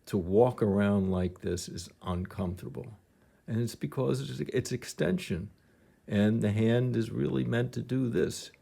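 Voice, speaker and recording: A man's voice: lowish voice, unhurried, gravelly, warm tone, husky. A man teaching piano technique, explaining patiently and thinking aloud, with some restarts as he demonstrates.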